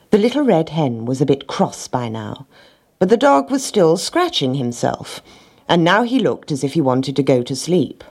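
Woman, children's story reader, gentle, expressive, low voice, husky. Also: moderate pace. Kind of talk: reading a children's story aloud.

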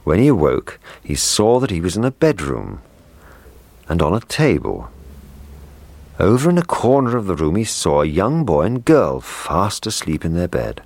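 A man reading a children's fairy tale aloud in a gentle, measured way. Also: low-pitched, very animated, dry recording. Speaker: storyteller. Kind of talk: scripted narration.

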